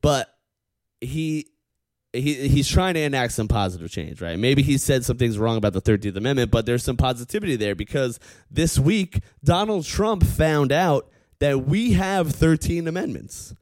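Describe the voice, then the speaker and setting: A man's voice: medium pitch, normal speed, no room sound. A man delivering a profane comedic rant, often stopping with a pointed "okay?". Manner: animated, profane, heckles the audience with repeated "okay?".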